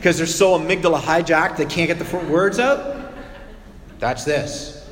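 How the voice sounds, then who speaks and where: A man preaching a sermon in a lively, conversational way, breaking into acted outbursts. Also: on the high side, a little fast, a little hiss or hum. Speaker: pastor. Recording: echoey hall with long reverb.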